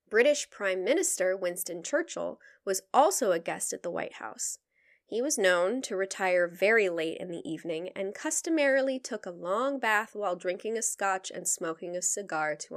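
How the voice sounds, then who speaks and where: A young woman hosting a podcast, recounting history at an ordinary middle pitch. She reads from her research in a relaxed, conversational manner and keeps slipping into playful asides and easy laughter. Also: normal speed. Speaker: podcast co-host telling the story. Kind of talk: casual chat, reading researched history.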